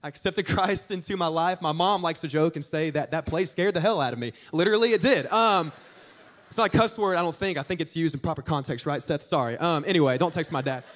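A young man preaching a sermon, telling stories in an animated, joking way with asides to the congregation. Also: on the high side, brisk. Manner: animated, jokey storytelling with audience asides. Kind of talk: storytelling sermon.

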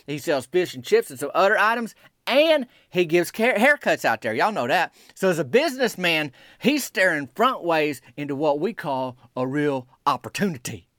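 Folksy rambling man, slightly high voice. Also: fairly bright tone, no room sound, studio quality. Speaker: podcast host. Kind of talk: rambling comedic podcast monologue.

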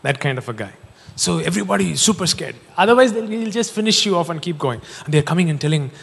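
A man preaching a sermon, telling stories in an animated, joking way. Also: on the high side, fast talker, vocal fry, hardly any pauses, breathy edge. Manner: animated storytelling, jokes and laughs. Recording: long hall reverb.

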